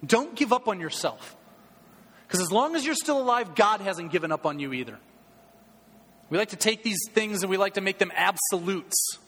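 A man's voice: sits high, lively intonation, normal speed, a bit bright, in a large hall. A man preaching a sermon as pastor in a church, urging his listeners earnestly and repeating his calls to action.

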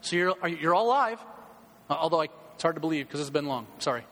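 A man's voice: fairly high pitch, expressive, fast talker, fairly bright tone, big-room sound. A man preaching a sermon as pastor in a church, urging his listeners earnestly and repeating his calls to action.

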